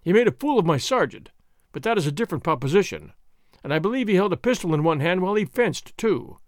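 A man's voice: high voice, expressive, fast talker, no echo, clean studio sound. A man voicing an arrogant army captain who speaks in a formal, self-assured, boasting way. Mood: scornful.

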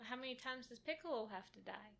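A woman with a bright, rather high voice, co-hosting a podcast in a casual chat. She teases dryly and shoots down her co-host's ideas with short replies. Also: expressive, gravelly. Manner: dry, teasing, quick to object. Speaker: podcast co-host.

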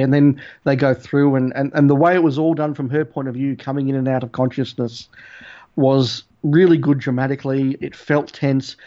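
A man co-hosting a podcast, giving a measured, thoughtful opinion of an episode. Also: medium pitch, level tone, a little mellow. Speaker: podcast co-host. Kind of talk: casual review chat. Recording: dull lo-fi audio.

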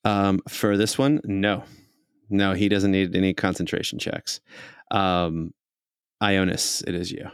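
A man's voice: deep voice, steady tone, smooth, dry recording, clean studio sound. A man narrating as game master in a tabletop game, talking casually with frequent restarts. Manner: casual, halting, many restarts.

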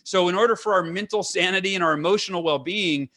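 A man with a bright, fairly high voice appears as a guest on a podcast, talking fast in a casual, unscripted way. Earnest and eager, he rushes through his points, piling up fillers and restarts.

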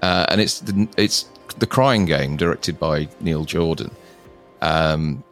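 A man's voice: extremely low pitch, slow, fairly bright tone, faint music behind. A man co-hosting a casual chat about films, rambling and often circling back to finish his thought, with frequent chuckles. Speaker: co-host discussing films.

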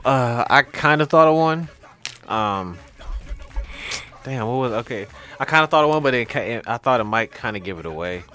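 A man's voice: medium pitch, lively intonation, moderate pace, bright, forceful tone. A man co-hosting a casual podcast, slangy and teasing in laid-back banter. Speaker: podcast co-host. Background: faint music playing.

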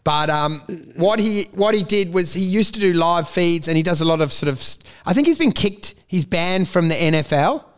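A man co-hosting a podcast, telling animated stories, swearing freely and often asking "do you know?". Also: sits high, normal speed, hardly any pauses, clean tone. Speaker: podcast co-host. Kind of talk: casual chat.

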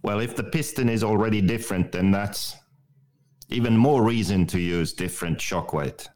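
Male co-host, methodical explainer. Deep voice. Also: moderate pace, a little mellow. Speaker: podcast co-host. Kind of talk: technical explanation in casual chat.

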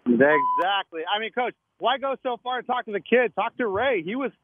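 A man's voice: very high voice, lively intonation, normal speed, no room sound. A man calling in by phone to a casual podcast, laid-back and teasing. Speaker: podcast co-host. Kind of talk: casual chat. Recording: tinny phone line.

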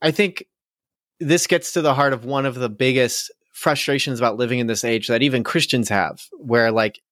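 A man's voice: mid-range voice, moderate pace, a bit bright, dry recording, clean studio sound. A man co-hosting a podcast, rambling casually with many fillers and frequent laughter. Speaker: podcast co-host.

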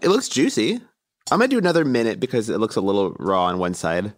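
A fast-talking man chats playfully while cooking during a podcast. His voice sits a bit low but bounces widely in pitch, with a faint hiss under the recording. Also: wildly swooping pitch. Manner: quick, playful. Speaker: podcast guest, writer. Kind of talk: casual chat while cooking.

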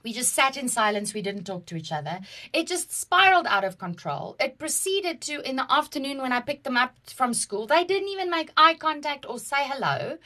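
A South African woman co-hosting a casual podcast, her voice sitting a little high with a bright, forceful edge. She tells her stories dramatically and with lots of animation. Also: sing-song, a little fast. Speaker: podcast co-host. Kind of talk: casual chat, personal storytelling.

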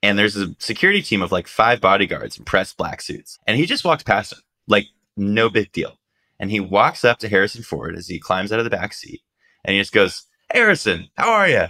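A man's voice: fairly low pitch, a little fast. A man, a journalist guest, telling a story casually and animatedly, with lots of "like". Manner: animated, acts out quotes, lots of "like".

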